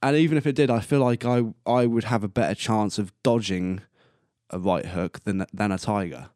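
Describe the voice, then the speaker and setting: A man's voice: on the low side, normal speed, darkish tone, dry recording, studio quality. A man in his early twenties hosting a solo podcast in casual, rambling talk, laughing at his own jokes and coughing now and then. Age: 20s. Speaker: podcast host. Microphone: close podcast mic.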